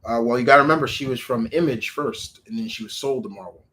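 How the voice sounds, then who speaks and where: A man's voice: mid-range voice, fast talker, pushed and bright. A man hosting a live stream, ranting casually about comic heroes and answering viewer questions, restarting his sentences and swearing freely.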